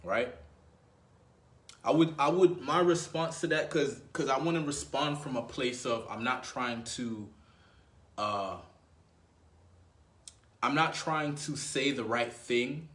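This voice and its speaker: A man coaching on dating in a loose, thinking-out-loud way, often checking that the listener is following. His voice sits in an average register and has a roomy echo around it. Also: mid-range voice, takes it slowly, pauses often. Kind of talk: casual advice monologue.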